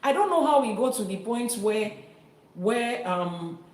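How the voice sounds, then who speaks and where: A woman's voice: a little high, lively intonation, unhurried, darkish tone. Woman, from Nigeria, live-stream teacher, emphatic, talks straight to viewers, echoey room. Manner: earnest, emphatic, addresses viewers directly. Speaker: Ifa priestess hosting a live stream.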